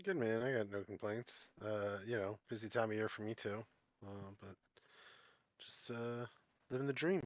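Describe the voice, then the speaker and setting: A man chatting casually as a tabletop player, soft-spoken and hesitant, often restarting his sentences. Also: on the low side, moderate pace, no room sound. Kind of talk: casual chat.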